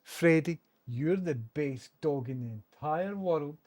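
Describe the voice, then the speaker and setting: A man's voice: fairly high pitch, lively intonation, slow pace, darkish tone. A man chatting casually on a live stream, cooing doting baby talk to his dog.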